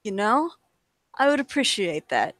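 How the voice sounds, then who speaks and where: A woman's voice: medium pitch, sing-song, a little slow, a bit bright, no echo. A woman playing a tabletop game, wry and playful with the game master. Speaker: player. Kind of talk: tabletop role-play.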